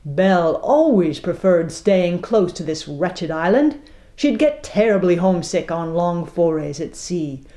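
A woman reading an audiobook aloud in a measured, expressive way. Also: lowish voice. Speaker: narrator. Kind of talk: audiobook narration.

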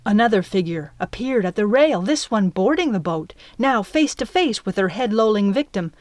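A woman narrates an audiobook at a measured, steady pace. The recording is close and completely dry, with no room sound around her voice. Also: medium pitch, dry recording.

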